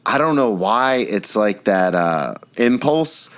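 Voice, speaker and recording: A man's voice: on the low side, animated, slow pace, fairly bright tone, clean tone. Laid-back jokey man co-hosting a podcast. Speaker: podcast co-host. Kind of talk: casual chat.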